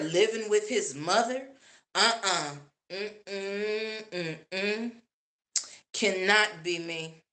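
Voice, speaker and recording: A woman giving casual opinion commentary as a vlogger, sassy and animated, laughing often. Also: on the low side.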